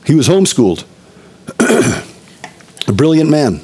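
A man's voice: a little high, big pitch swings, slow pace, a little mellow, breathy edge. A middle-aged male pastor preaching a conversational expository sermon, with emphatic repetition.

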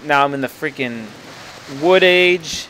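A man commentating his own gameplay, chatty and easily exasperated, sometimes yelling at enemies. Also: a little high, a little slow, slight background noise. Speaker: let's play gamer.

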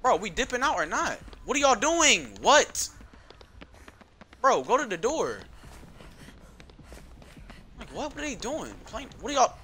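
Excitable young man narrating his gameplay. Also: extremely high pitch, unhurried, pauses often, slight background noise. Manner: excitable, frustrated, repeats phrases, slangy. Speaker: gaming YouTuber. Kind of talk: live gameplay commentary.

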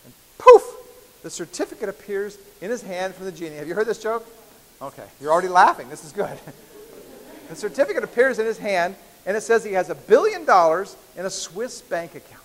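The biochemistry lecturer here has a high-pitched, slightly bright voice with big pitch swings and a fairly quick pace. He's playful and chatty, often checking in with the class, and the large-hall recording is hissy with long reverb.

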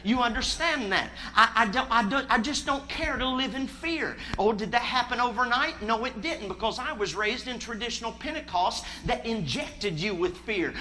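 Bright-voiced emphatic male preacher. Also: very high voice, lively intonation, normal speed, few pauses. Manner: emphatic, calls for congregation responses. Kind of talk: sermon.

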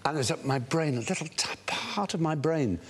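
Lively man telling a story. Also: on the high side, brisk. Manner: lively storyteller, acts out other people's lines. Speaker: talk show guest. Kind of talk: talk show anecdote. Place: TV studio with audience.

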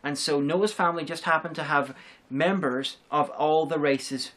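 Co-host rambling about a movie, lots of restarts and asides, mid pitch voice. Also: fairly even intonation, normal speed, a bit bright. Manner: rambling explanations with many restarts. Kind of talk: casual film review chat.

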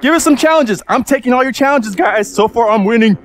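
A man hosting a live gaming stream, excitable and loud, hyping up his viewers as he plays. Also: very high voice, a little fast. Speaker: gaming livestream host. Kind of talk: live game commentary.

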